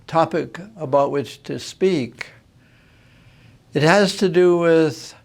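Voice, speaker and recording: A priest speaks slowly and deliberately, with a gravelly, rough edge to his voice. His delivery is a reflective teaching talk, pausing often to find his words. His voice sits a little higher than usual for a man. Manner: unhurried, thoughtful, pauses with filler sounds. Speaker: Jesuit priest and retreat master.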